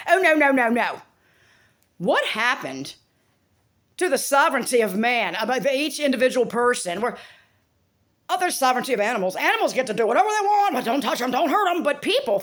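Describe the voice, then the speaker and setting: A woman's voice: high-pitched, big pitch swings, normal speed, fairly bright tone. A woman vlogger talking to camera in a rambling, profane, exasperated rant.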